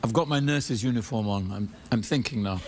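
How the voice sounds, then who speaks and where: Dry, amused actor guest on a talk show. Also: male voice, fairly low pitch, fairly quick. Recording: TV studio with loud background noise.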